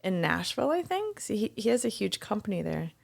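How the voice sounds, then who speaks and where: A woman co-hosting a podcast, telling a story in casual chat, animated and full of restarts. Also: mid-range voice, brisk, creaky. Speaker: podcast co-host.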